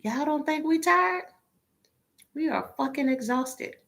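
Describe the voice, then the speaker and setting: Weary, blunt woman with a higher voice. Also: animated, slow, vocal fry, a bit bright. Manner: weary, exasperated and blunt, with swearing. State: emotionally drained. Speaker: tarot reader. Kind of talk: casual monologue to viewers.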